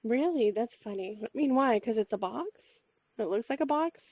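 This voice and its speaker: A woman's voice: fairly high pitch, expressive, moderate pace, no echo. A woman chatting bluntly on a group call, laughing as she tells stories. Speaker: call participant. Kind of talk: casual chat. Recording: dry, dull call audio.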